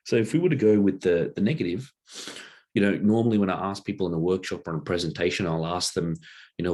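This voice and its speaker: A man with a very low, husky voice gives a relaxed teaching talk. He speaks loosely and conversationally, checking in with the listener again and again while sketching a diagram to explain his point. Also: a little fast. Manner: loose and conversational, many fillers and rhetorical "right?". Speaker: workshop presenter.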